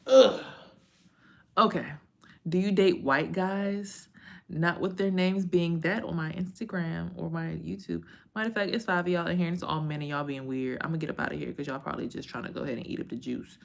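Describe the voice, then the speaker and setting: A woman's voice: lowish voice, steady tone, a little fast, gravelly. A woman hosting a casual livestream as a tarot reader. She talks in a loose, rambling and profane way, full of slang and side remarks to viewers.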